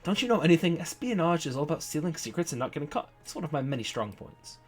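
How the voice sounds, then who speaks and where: A man's voice: fairly high pitch, very animated, quick pace, soft background music. Man playing a gushing young thief girl. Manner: gushing, breezy.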